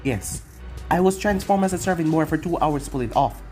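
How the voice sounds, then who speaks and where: A narrator voicing an emotionless young male ninja who speaks flatly and literally. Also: medium pitch, a little fast, faint music behind, close to an everyday voice. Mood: deadpan. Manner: flat and literal.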